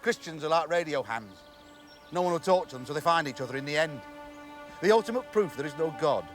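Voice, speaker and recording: A man's voice: on the high side, lively intonation, brisk, soft background music, lightly acted. A man playing a sneering cynical businessman. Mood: scornful. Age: middle-aged. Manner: mocking, sarcastic, loud. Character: sneering cynical middle-aged businessman Gordon. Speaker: stage actor. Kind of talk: stage play.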